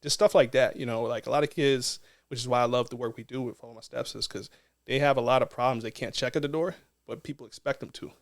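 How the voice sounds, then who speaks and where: Gravelly, flat-voiced man telling stories. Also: mid-range voice. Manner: earnest, reflective, unhurried. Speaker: non-profit co-founder, podcast guest. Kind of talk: casual storytelling interview.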